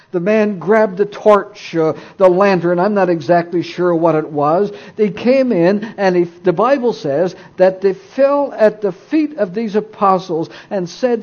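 A man preaching a sermon, retelling scripture stories with emphatic, deliberate delivery. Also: sits high, a little mellow. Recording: dull lo-fi recording.

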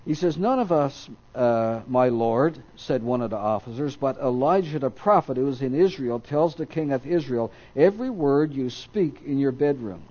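A man's voice: medium pitch, expressive, moderate pace, hardly any pauses, dark tone, dull audio. A man preaching a sermon, reading scripture aloud and acting out the quoted voices, stopping now and then to correct himself.

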